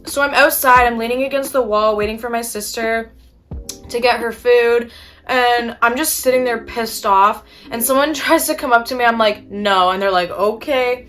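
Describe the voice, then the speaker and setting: A woman's voice: fairly high pitch, fairly even intonation, moderate pace, a bit bright, faint music behind. A young woman chatting casually while doing her makeup, telling an exasperated story with casual swearing. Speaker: beauty vlogger.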